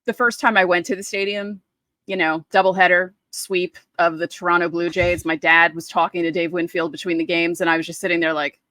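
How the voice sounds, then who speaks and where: A woman, co-hosting a podcast and chatting casually, telling lively stories and acting out quotes. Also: on the low side, a little fast, dry recording. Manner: animated storyteller, acts out quotes. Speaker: podcast co-host. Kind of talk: casual chat.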